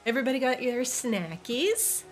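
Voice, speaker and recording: A woman's voice: on the high side, expressive, normal speed, soft background music. A woman acting as game master, joking with her players and laughing often before narrating. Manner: laughs often, playful teasing. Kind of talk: casual tabletop game chat and narration.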